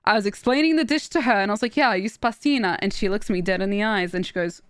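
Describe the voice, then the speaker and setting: A young woman from Australia, chatting casually on a stream and telling stories in an animated way, with restarts and laughs. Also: mid-range voice, quick pace, few pauses, smooth, no room sound, studio quality. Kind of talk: casual chat while streaming.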